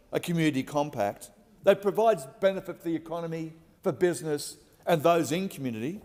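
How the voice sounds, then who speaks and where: A man's voice: a little high, a little mellow. An Australian man speaking as a senator in a parliamentary debate, combative and emphatic, ticking off a list of points. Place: Senate chamber. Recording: long reverb of a large chamber.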